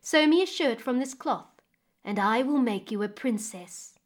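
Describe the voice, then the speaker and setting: A woman's voice: fairly high pitch, animated. A woman voicing a grand, demanding queen who gives orders in a commanding way. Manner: commanding, brisk.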